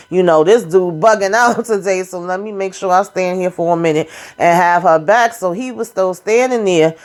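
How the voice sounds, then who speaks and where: A woman's voice: lowish voice, a little mellow. A woman casually recapping a TV drama episode, acting out the characters' lines with slangy asides. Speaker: TV recap host.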